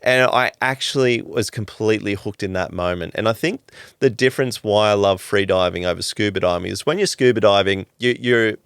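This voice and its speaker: A man, telling stories as a podcast guest in a lively, casual way, swearing freely and calling people "mate". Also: fairly low pitch, brisk, vocal fry, clean tone, no room sound, clean studio sound. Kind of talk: casual storytelling chat.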